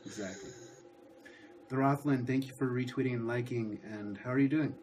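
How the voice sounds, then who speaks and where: A man's voice: mid-range voice, normal speed, darkish tone, a little hiss or hum. Hesitant male streamer, easygoing chat with a guest. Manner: hesitant, repeats words and restarts. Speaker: livestream host. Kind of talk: casual chat.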